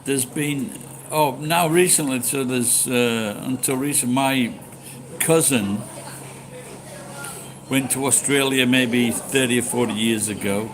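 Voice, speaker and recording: A middle-aged man from Yorkshire, chatting casually on a livestream, rambling and halting, speaking slowly and swearing now and then. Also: medium pitch, rough recording. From Yorkshire, England. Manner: talks slowly and deliberately. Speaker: livestream host. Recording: steady background noise.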